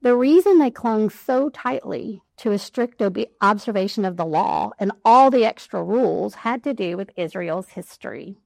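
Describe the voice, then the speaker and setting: A woman delivers a devotional Bible teaching in a conversational way, with lively asides between scripture readings. Her voice has a gravelly edge, and the sound is close and dry, with no room around it. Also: medium pitch, moderate pace, hardly any pauses, dry recording.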